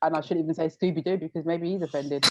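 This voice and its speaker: A woman's voice: deep voice, fairly even intonation, quick pace, lo-fi sound, crowd noise. A woman co-hosting a casual podcast, blunt and sarcastic, who swears. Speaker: podcast co-host. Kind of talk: casual chat.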